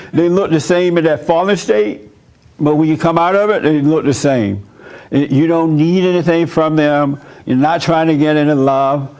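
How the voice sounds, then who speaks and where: A man with a slightly higher voice preaches a loose, conversational sermon in church. He drifts into personal stories and laughs easily between his points. His tone is plainspoken and direct, as if he is talking with the congregation. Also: darkish tone. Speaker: pastor.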